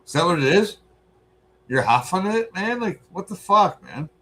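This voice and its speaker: A man, co-host of a podcast, telling a profane, animated story in casual chat. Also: high voice, moderate pace.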